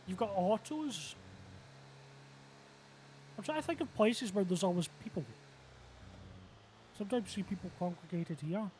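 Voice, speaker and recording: Guy chatting to stream, thinking out loud, kinda quick, light game noise. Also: high-pitched. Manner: rambling, thinks aloud, quick asides. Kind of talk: casual live-stream chat.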